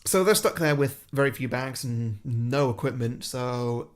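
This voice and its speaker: A man chatting casually as a podcast co-host, spinning a made-up story and laughing often. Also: mid-range voice. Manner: laughs often, does quick voices for characters. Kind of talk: casual chat, pitching a made-up film plot.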